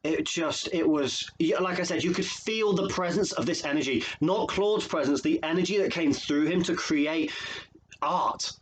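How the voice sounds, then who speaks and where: A man's voice: fairly high pitch, moderate pace, a little hiss or hum, rough recording. A man from England, a life coach, talking earnestly and emotionally to camera, often repeating phrases for emphasis. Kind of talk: motivational video monologue.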